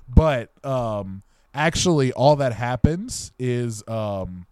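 A man's voice: mid-range voice, lively intonation, slow pace, a little mellow, clean tone, no room sound. A man co-hosting a comedy podcast who spins playful, absurd stories. His voice rises and falls freely as he riffs. It is recorded close and dry. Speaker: podcast co-host. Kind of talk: improvised comedy chat.

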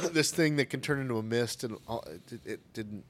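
A man's voice: mid-range voice, expressive, moderate pace, a bit bright, a little hiss or hum. A man co-hosting a podcast, chatting casually, sarcastic and profane, often laughing. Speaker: podcast co-host. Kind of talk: casual chat.

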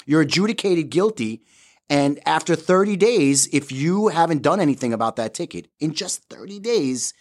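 A man's voice: fairly high pitch, animated, moderate pace. A man co-hosting a casual podcast, telling rambling, self-mocking stories. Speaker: podcast co-host in recovery. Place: Florida.

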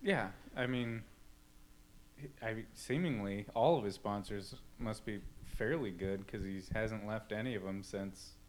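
A man's voice: fairly low pitch, measured pace, a little hiss or hum. A man chatting casually and joking with friends, laid-back, with many filler words. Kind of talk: casual chat.

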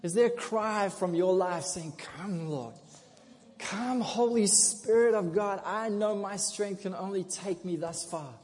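A man preaching a sermon. He swings from hushed to loud, laughs often, and. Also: sits high, a little slow. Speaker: pastor. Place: church hall. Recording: long hall reverb.

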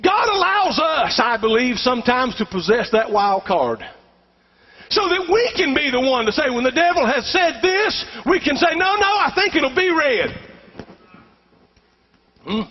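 A middle-aged male pastor preaches with emphatic fervor, urging his congregation to answer back. His voice sits very high for a man. The dull, muffled recording carries a long hall reverb from the church sanctuary. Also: big pitch swings, moderate pace, husky. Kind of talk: sermon.

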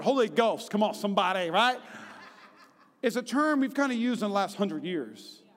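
A man in his thirties preaching a sermon in a lively, conversational way, often checking in with the congregation. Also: extremely high pitch. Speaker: pastor. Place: church hall. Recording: long reverb of a large hall.

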